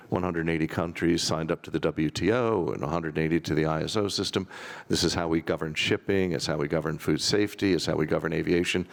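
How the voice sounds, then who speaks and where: A man speaks on a conference panel. His voice sits very low with a gravelly fry, and he talks in a wry, rambling way, tossing in dry jokes at his own expense.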